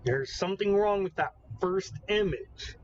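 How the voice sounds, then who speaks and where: A man co-hosting a podcast in casual chat, excitable and explaining things at length. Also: high voice, unhurried, highs cut off, slight background noise. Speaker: podcast co-host.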